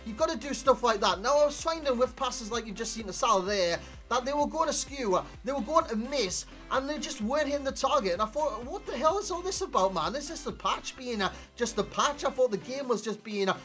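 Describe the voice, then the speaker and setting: A man giving a chatty, animated video game player review, talking to viewers as lads, recorded as a desk mic voice-over. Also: sits high. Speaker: gaming YouTuber.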